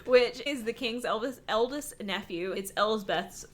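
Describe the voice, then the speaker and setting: A woman's voice: a little high, measured pace. A young woman co-hosting a book podcast in casual chat, laughing often and playing out the characters' lines. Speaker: podcast co-host.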